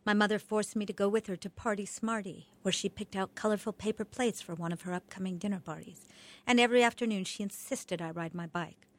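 A woman reading her childhood memoir aloud in an expressive, wry storytelling manner. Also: medium pitch, fairly quick. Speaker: memoir narrator.

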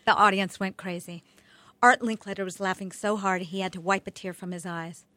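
A woman reading her childhood memoir aloud in an expressive, wry storytelling manner. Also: mid-range voice, fairly quick, no room sound. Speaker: memoir narrator.

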